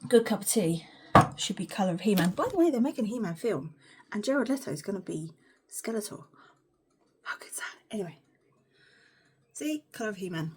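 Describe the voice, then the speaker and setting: A woman's voice: mid-range voice, big pitch swings, brisk, long pauses, a little mellow, slight background noise. A woman chatting frankly at home in her kitchen, rambling and swearing and often dropping to a whisper. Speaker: vlogger. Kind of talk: rambling casual vlog chat.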